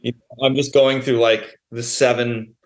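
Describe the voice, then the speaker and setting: A man's voice: mid-range voice, a little slow. A man, a guest on a podcast, telling a personal story in a candid, rambling way, with frequent restarts and swearing. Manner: rambling with frequent restarts and swearing, animated when quoting himself. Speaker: podcast guest, band musician. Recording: roomy echo.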